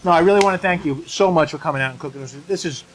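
A man's voice: a little high, rapid-fire. A man hosting an outdoor cooking video at his grill, chatty and enthusiastic, often repeating his words. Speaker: host of a grilling channel. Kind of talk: casual cooking video chat.

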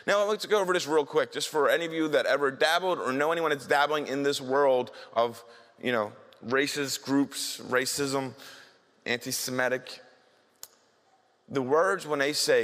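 A man's voice: medium pitch, a little fast, fairly bright tone. A man speaks at a talk in a mid-range voice and tells his story candidly in a conversational way, often stopping to restart a sentence. His voice echoes with long reverb through a large hall. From South Philadelphia, USA.

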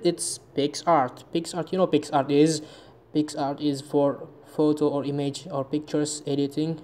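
A man vlogging casually about phone apps, speaking halting English with frequent restarts and searches for words. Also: fairly high pitch, level tone, a little mellow. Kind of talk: casual phone-app vlog.

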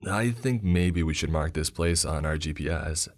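A man voicing his excitable adult male kayaking buddy, who speaks eagerly in a storybook horror tale. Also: very deep voice, moderate pace. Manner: eager, barely contained excitement.

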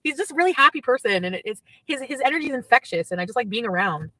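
A woman's voice: fairly high pitch, animated, very fast, sharp tone, no echo, low-quality recording. A woman chatting casually on a livestream from her car, gossiping and reading out chat messages.

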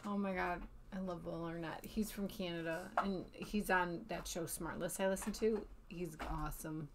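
A woman from Arizona co-hosting a card break, chatting and teasing in a relaxed, talkative way. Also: lowish voice. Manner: chatty, teasing, quick questions. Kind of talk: casual card-break chat. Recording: noisy room.

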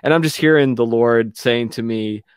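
Halting, emotional man on a radio show. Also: medium pitch, clean tone, no echo, studio quality. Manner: halting, emotional, many fillers and restarts. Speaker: guest. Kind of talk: candid personal story on a talk show. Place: radio studio.

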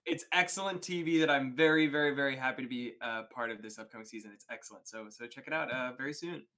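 A man's voice: mid-range voice, quick pace, bright, forceful tone. A man, an actor, chatting eagerly as a stream guest. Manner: eager, self-promoting. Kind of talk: casual chat.

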